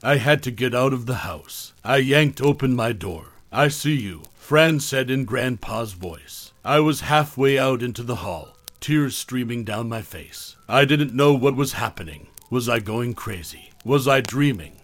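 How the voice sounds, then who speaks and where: A man reading a first-person horror story aloud in a measured, low-key way. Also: lively intonation, no echo.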